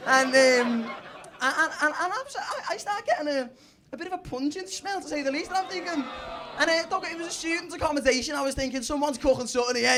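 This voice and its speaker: A young man with a Liverpool accent doing stand-up, telling a crude, self-mocking story and laughing through his lines. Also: very high-pitched. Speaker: stand-up comedian. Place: comedy club stage. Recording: live club with crowd.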